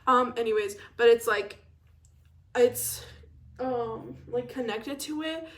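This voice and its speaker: A woman's voice: fairly high pitch, slow, a bit bright. A young woman in her twenties hosting a casual solo podcast, rambling and self-deprecating, laughing often and trailing off with "I don't know". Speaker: podcast host.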